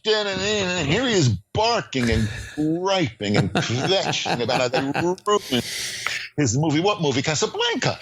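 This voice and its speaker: An older man, a screenwriting professor, talking as a podcast guest in an animated, emphatic storytelling way with frequent fillers and restarts. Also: fairly high pitch, measured pace, breathy edge, low-quality recording. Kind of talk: podcast interview.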